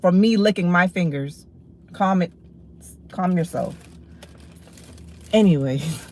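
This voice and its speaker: A woman on a casual livestream, chatting while she eats, blunt and profane as she snaps back at her chat and then eases into relaxed talk about her food. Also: fairly low pitch, slow, slight background noise.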